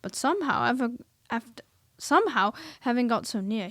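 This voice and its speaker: A woman reading a children's storybook aloud, expressive and dropping to hushed whispers at tense moments. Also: a little high, normal speed, dry recording.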